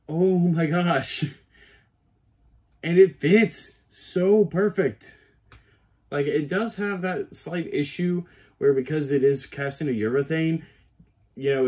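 A man reviewing a cosplay piece in a casual, gushing and excitable way, talking straight to his viewers. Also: medium pitch. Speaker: cosplay vlogger.

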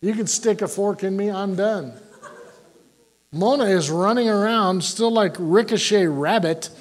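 A man's voice: high voice, unhurried. An older man preaching a sermon as pastor, folksy and joking, often asking the congregation "Amen?".

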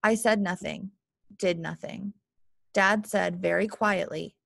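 A woman narrating an audiobook in measured first-person storytelling. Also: medium pitch, fairly even intonation, creaky, fairly bright tone, no echo, clean studio sound. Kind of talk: audiobook reading.

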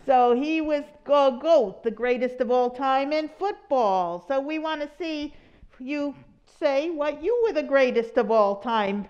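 A woman's voice: high-pitched, animated, measured pace, darkish tone, muffled recording. A woman leading a group through laughter exercises, cheerful and laughing often. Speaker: laughter yoga leader. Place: room with a group in a circle.

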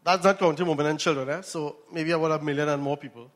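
A man's voice: on the high side, steady tone, fast, fairly bright tone. A Trinidadian man preaching a sermon, telling a story and asking his listeners questions. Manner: storytelling, asks the audience questions. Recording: long reverb in a hall.

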